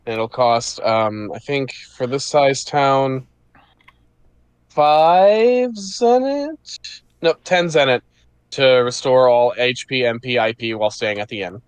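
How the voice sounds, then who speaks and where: A man's voice: medium pitch, moderate pace, smooth, no room sound. A man running a tabletop game as game master, explaining rules in an easygoing way.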